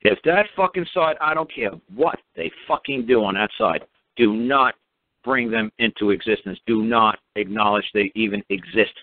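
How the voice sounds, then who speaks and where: A man's voice: lowish voice, moderate pace, no room sound. A man talking as a guest on a call-in show, telling a story in a blunt, emphatic and heavily profane way. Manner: emphatic, commanding. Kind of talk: casual call-in radio talk. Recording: dry tinny phone line.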